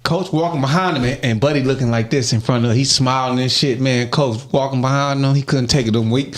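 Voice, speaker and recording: A man hosting a podcast, telling a story in casual chat, profane and animated and often laughing. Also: mid-range voice, fairly quick, few pauses, background noise. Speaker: podcast host.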